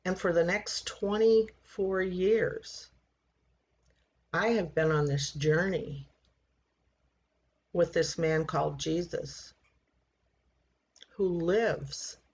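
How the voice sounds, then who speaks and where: A woman in her sixties giving an earnest personal faith testimony, halting and repeating words as she tells it. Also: lowish voice, darkish tone, highs cut off. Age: 60s. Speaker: church member giving testimony.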